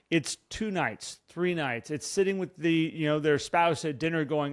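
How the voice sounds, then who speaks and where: A man's voice: fairly high pitch, moderate pace, hardly any pauses. A man co-hosting a casual podcast as a real estate coach, talking earnestly and acting out what clients say.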